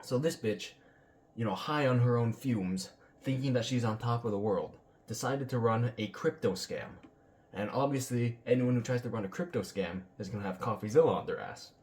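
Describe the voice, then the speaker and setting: A man's voice: medium pitch, normal speed, darkish tone. A man hosting a reaction video, ranting bluntly and sarcastically with plenty of swearing. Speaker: commentary channel host.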